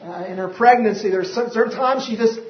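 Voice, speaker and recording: A man's voice: sits high, fairly quick. A man preaching a sermon as pastor, building emphasis and asking his listeners repeated rhetorical questions. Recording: roomy, dull lo-fi church recording.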